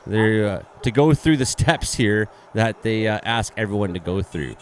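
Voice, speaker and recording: The host of a weather and video-review show, a man with a Canadian accent, gives sarcastic, casual running commentary over a roadside video, swearing freely and using lots of fillers. His voice is on the low side, animated, at a normal speed.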